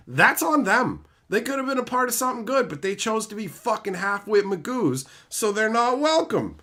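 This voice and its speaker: A man ranting profanely on a livestream while reading chat comments, swinging between loud outbursts and low mutters. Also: big pitch swings, normal speed, few pauses. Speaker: streamer reading live chat. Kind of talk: livestream rant.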